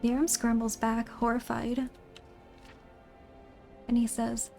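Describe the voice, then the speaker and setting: Woman narrator, reads stage directions, slightly high voice, vocal fry, faint music behind. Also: flat delivery, normal speed, dark tone. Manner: plain storybook narration. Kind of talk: reading a play aloud.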